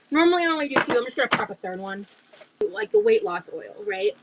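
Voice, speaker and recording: A young woman livestreaming as she opens gifts, talking in gushing, breathy exclamations full of fillers. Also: high voice, sing-song, fast talker, fairly bright tone, a little hiss or hum, poor audio. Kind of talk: casual livestream chat.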